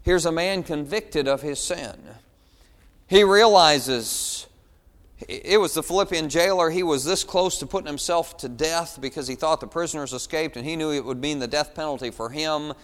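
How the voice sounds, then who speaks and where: A man's voice: a little high, normal speed, fairly bright tone, in a large hall. A man preaching a sermon as pastor, pleading and building in intensity. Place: church.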